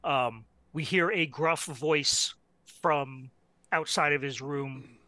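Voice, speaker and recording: A man playing a tabletop role-playing game, describing his character's actions in a relaxed, storytelling way. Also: fairly high pitch, slow pace. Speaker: player.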